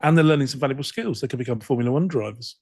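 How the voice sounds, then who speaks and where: A man's voice: mid-range voice, very fast, noisy background. A man co-hosting a comedy podcast, trading dry, teasing banter. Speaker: podcast co-host.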